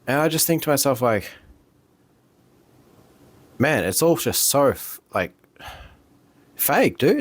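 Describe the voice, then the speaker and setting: A man's voice: sits low, dry recording. A man ranting casually to his camera, heated and profane, repeating himself with lots of fillers. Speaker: vlogger. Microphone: camera mic.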